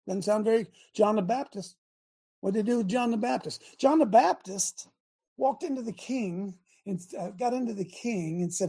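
A man hosting an online talk as a coach, preaching loudly, repeating himself and shouting at times. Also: sits high, normal speed, husky. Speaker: host and coach.

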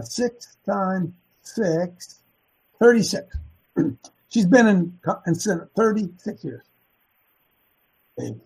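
A man hosting an online show, talking fast and emphatically, repeating words in bursts. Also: high voice, a little mellow, breathy edge. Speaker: host of an online activist show. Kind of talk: fast casual preaching talk.

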